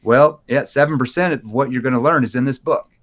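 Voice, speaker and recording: A man's voice: mid-range voice, a little fast. A man on a podcast explaining sales techniques, acting out sample lines in shifting tones. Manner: animated, acts out sample dialogue with shifting tones. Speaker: sales trainer guest. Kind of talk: podcast interview, demonstrating tones.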